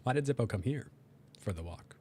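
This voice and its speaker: Young guy rambling over his sims game, pitch jumping all over, chatty and goofy. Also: brisk, slightly rough. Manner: animated, talks to his game characters and voices their reactions. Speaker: gaming video creator. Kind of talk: casual gameplay commentary.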